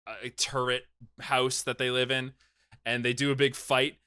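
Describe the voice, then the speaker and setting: A man's voice: medium pitch, level tone, measured pace, sharp tone, smooth, no echo, studio quality. A man hosting a podcast, casually recapping a film in a rambling way, swearing and acting out the characters' lines.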